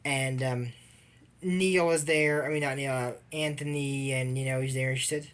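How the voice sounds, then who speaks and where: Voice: medium pitch, fairly even intonation, moderate pace, clear, resonant tone. A casual vlogger recapping an anime episode, rambling and opinionated, with lots of fillers.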